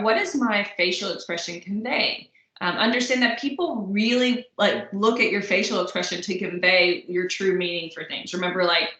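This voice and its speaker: A woman teacher talks through a recorded lecture in a loose, conversational way, stopping often for fillers and side remarks. Her voice is bright and forward. The room around her is echoey. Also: medium pitch. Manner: conversational, many fillers and asides. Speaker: college instructor.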